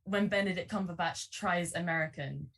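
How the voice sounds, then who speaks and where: A woman's voice: on the low side, moderate pace, gravelly, fairly bright tone, far from the mic. Chatty woman, a bit off-mic. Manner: chatty, laughs often, trails off and restarts. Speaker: guest. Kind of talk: casual podcast chat.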